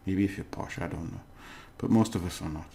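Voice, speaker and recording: A man's voice: low voice, fairly quick, creaky, mellow. A man teaching a casual language lesson, chatty and self-correcting, laughing at his own slips.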